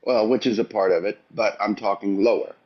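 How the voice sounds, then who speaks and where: A man calling in to a live stream, talking in a slow, measured, calm way. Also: lowish voice, a loud crowd. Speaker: caller. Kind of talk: casual debate. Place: lives in Central America. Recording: muffled call audio.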